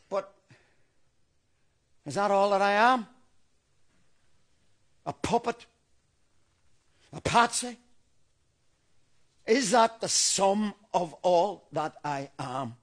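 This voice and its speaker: A man acts out an unhinged older loyalist, speaking with a Northern Irish accent in a fairly high voice. He delivers a theatrical monologue, sliding from quiet, brooding musing into shouted ranting. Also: natural voice. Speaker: stage actor in monologue.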